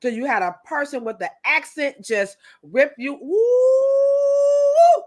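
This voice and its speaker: A woman co-hosting a hair podcast in a chatty, animated way, turning often to her co-host. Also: fairly high pitch, normal speed. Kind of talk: casual podcast chat.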